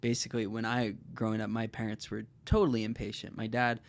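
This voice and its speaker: Smooth-voiced man, reflective podcast guest. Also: on the low side, little pitch movement, fast. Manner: reflective, hesitant, many "like" and "um" fillers. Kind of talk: casual podcast conversation.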